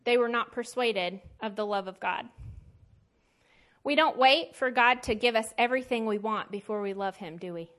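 Woman Bible teacher, fairly high voice, chatty, emphatic preaching with slang. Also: normal speed, fairly bright tone. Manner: conversational and emphatic, with plain slangy asides. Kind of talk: casual sermon.

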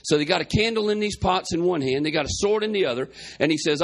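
A man's voice: fairly high pitch, lively intonation, quick pace. A man preaching a sermon, retelling a Bible story in a folksy way with quoted dialogue, his chest congested.

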